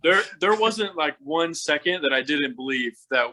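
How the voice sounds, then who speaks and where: A man's voice: on the high side, lively intonation, normal speed, sharp tone, rough recording. A man casually telling a shared family story, chiming in with added details.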